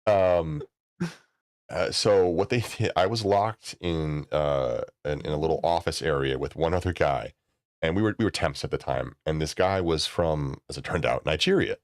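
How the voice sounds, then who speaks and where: A man's voice: normal speed, no room sound, studio quality. A man chatting casually with friends, telling rambling anecdotes and swearing freely. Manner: rambling anecdotes, swears freely, acts out voices high and loud. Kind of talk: casual storytelling chat.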